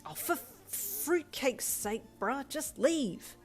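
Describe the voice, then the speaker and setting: A woman's voice: medium pitch, lively intonation, soft background music. A woman reading aloud voices a blunt, slangy teenage schoolgirl who snaps easily. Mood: exasperated. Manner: slangy and blunt, quick to snap. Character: blunt, foul-mouthed teenage schoolgirl delinquent.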